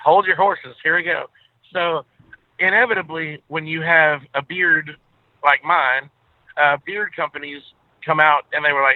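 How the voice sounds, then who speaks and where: A man's voice: fairly high pitch, normal speed, no echo. Southern man talking over a tinny phone line. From Texas. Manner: easygoing storyteller, many filler uhs. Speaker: guest musician. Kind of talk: casual interview over the phone.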